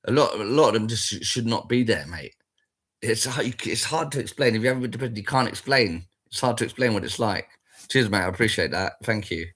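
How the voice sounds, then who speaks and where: Brief: man, husky voice, blunt and foul-mouthed, rambling and repetitive. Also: mid-range voice, fairly bright tone. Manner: sweary, blunt and rambling, repeats himself. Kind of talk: casual spoken rant.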